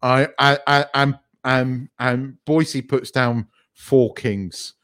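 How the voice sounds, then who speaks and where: A British man co-hosting a podcast, telling stories with animated energy and casual swearing. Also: mid-range voice, slow pace, clear, resonant tone. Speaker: podcast co-host. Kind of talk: casual chat.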